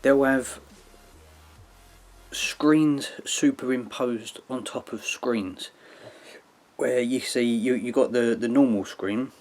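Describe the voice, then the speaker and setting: A man talks straight to the listener in a loose, rambling monologue, his pitch sitting in an ordinary middle range. He circles back on himself, tacking "yeah" and "like" onto his points, and keeps an earnest, lecturing tone throughout. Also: slow, pauses often, a little mellow. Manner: rambling, with frequent "yeah" and "like" tags. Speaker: video commentator. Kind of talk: casual explanatory monologue.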